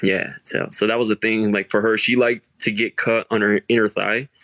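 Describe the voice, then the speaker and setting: A man's voice: on the low side, level tone, moderate pace, a bit bright, dry recording. A young man hosting a casual chat, telling stories loosely with lots of filler words and laughter. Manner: laid-back storytelling, heavy filler words, frequent laughs. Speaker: podcast host.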